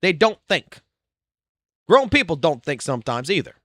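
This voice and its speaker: A man's voice: on the high side, sing-song, normal speed, a bit bright, dry recording, studio quality. A man streaming live, ranting with constant swearing in a heated, blunt way. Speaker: livestreamer.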